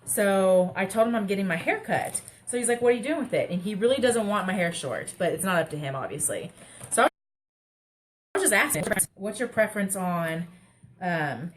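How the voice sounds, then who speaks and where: A young woman, rambling and joking through a casual live craft chat. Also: on the low side. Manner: rambling, chatty, self-mocking humor. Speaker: craft livestream host. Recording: faint background noise.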